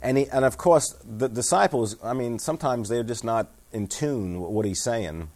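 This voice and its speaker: A man's voice: medium pitch, normal speed, a little mellow. A man giving a sermon, reading scripture aloud, explaining it in everyday words, and asking his listeners questions. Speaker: pastor.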